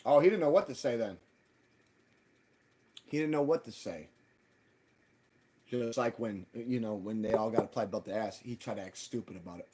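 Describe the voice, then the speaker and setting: A man hosting a live stream, ranting in casual, profane talk and jumping loud and high when he quotes people. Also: moderate pace, long pauses, breathy edge. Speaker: livestream host.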